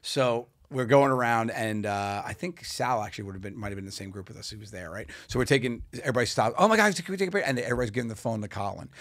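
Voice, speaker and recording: Male podcast co-host, quick and animated, lots of laughter, dry close-mic sound. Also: lowish voice, dry recording. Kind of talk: casual comedic chat.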